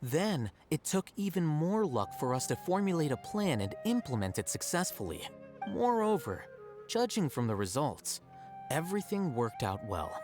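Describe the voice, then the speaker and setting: Calm, analytical scholar. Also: male voice, fairly high pitch, normal speed, music in the background. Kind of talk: video game dialogue.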